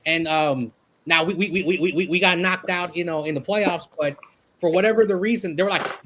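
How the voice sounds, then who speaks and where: Man, high voice, casual, stumbling repeats, light noise behind. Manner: halting, repeats words. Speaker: podcast co-host. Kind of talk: casual storytelling.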